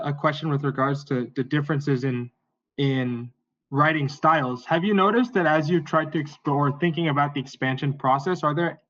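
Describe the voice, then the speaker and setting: Male podcast host, halting questions, a bit high-pitched, muffled audio. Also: fairly bright tone. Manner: halting, restarts and fillers while framing a question. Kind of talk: interview questions.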